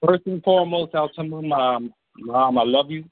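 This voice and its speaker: A man's voice: a little high, over a noisy crowd. Grieving male caller on a phone line. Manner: slow, halting, heartfelt pauses. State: holding back tears. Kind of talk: emotional tribute on a call-in show. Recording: dry, tinny phone line.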